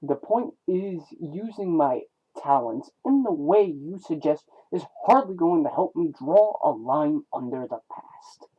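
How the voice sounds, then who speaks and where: A man's voice: fairly high pitch, expressive, unhurried, hardly any pauses, slightly rough. A man reading a comic aloud, voicing a defensive, earnest male robot with a troubled past who argues with an old comrade. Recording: tinny phone-like lo-fi sound.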